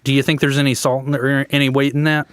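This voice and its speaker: A man's voice: mid-range voice, little pitch movement, fast talker, clean tone, dry recording. A man co-hosting a podcast, talking in a blunt, skeptical way as he tells the others about a story. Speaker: podcast co-host. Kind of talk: casual chat.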